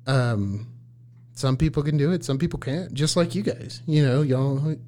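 A paramedic guest chats casually about his work, his medium-pitched, slightly mellow voice moving at a normal speed. He laughs often and acts out his own lines in a raised voice.

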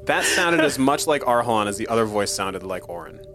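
A man's voice: medium pitch, animated, normal speed, over music. A man playing in a tabletop game, chatting casually and teasing the game master in a playful way. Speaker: player.

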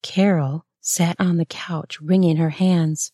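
A woman reads a story aloud in a lowish voice, measured and very unhurried. The recording is close and dry, with no room around her. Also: fairly even intonation, warm tone, no echo. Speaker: narrator. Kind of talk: read-aloud erotic story.

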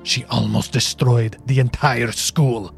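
A man voicing a stern, calculating male official who speaks in a cold, measured way. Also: medium pitch, fairly even intonation, creaky, faint music behind.

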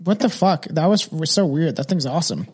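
High-voiced young man swearing casually. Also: animated, a little fast, slightly rough. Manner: loose, profane, rambling. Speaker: podcast host. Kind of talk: casual chat, telling spooky stories.

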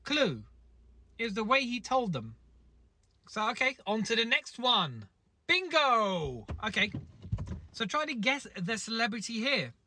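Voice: mid-range voice, big pitch swings, a little slow, pauses often, bright, forceful tone. Wry podcast host. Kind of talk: comic podcast quiz links.

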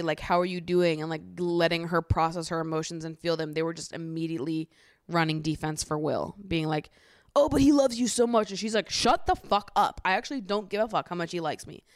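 A young woman hosting a podcast, recapping a reality show in casual chat, sarcastic and animated, swearing freely and mimicking the people she talks about. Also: fairly low pitch, no echo, studio quality. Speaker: podcast host.

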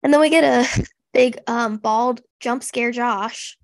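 A woman co-hosts a podcast, sarcastically recapping a TV special in casual chat peppered with "like." Her voice is fairly high and she takes her time, captured in clean, dry studio sound.

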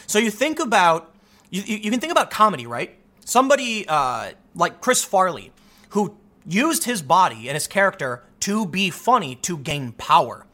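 A young man hosting an opinionated commentary monologue, animated and sarcastic, often mocking people with put-on voices. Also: on the high side. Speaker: commentary show host.

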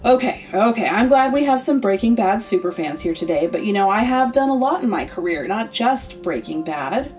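A woman's voice: medium pitch, expressive, moderate pace, hardly any pauses, darkish tone, lightly acted. A woman voicing a weary, irritable middle-aged male actor who forces politeness through his flustered speech. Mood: strained. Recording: distant mic, faint music.

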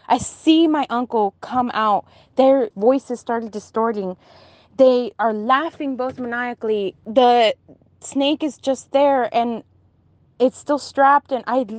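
A woman's voice: high-pitched, no echo. A young woman telling a vivid dream in an intense, emotional, breathless way. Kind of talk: casual storytelling, recounting a dream.

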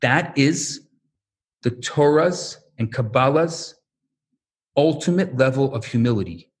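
A man giving a sermon-style lecture as a religious teacher, telling stories in an animated way and acting out the quotes. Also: mid-range voice, slow pace, long pauses. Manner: animated storytelling, acts out quotes.

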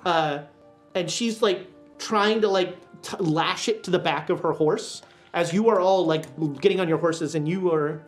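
A woman as game master, narrating a tabletop horror game in a relaxed, rambling way with many fillers. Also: lowish voice, moderate pace, faint music behind. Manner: relaxed, filler-heavy storytelling.

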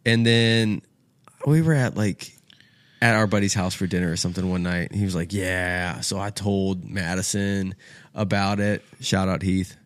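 A podcast guest who co-founded a golf apparel company tells a rowdy story in casual conversation, imitating the people he quotes and swearing freely. His voice sits low and steady at a moderate pace, with no echo.

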